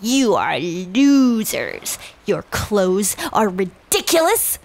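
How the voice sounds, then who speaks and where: A woman's voice: mid-range voice, very animated, slow pace, voice pushed down. Woman doing a gloating rude pirate captain. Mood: mocking. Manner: mocking, gloating pirate laugh. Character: rude boastful male rival pirate captain.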